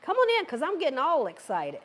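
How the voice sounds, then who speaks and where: Woman cooking host, live stream, high, bouncy voice, playful and chatty with her viewers. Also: wildly swooping pitch, fairly quick. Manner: chatty, talks directly to viewers and live chat; playful, laughs and cheers herself on.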